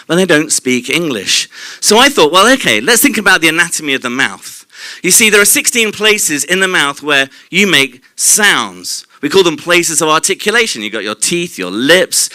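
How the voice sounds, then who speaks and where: Bright, lively male presenter. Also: on the high side, no echo. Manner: lively and explanatory, demonstrates mouth sounds and quizzes the audience. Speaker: presenter at a live short-talk night. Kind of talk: live stage presentation. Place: club venue at a live evening event.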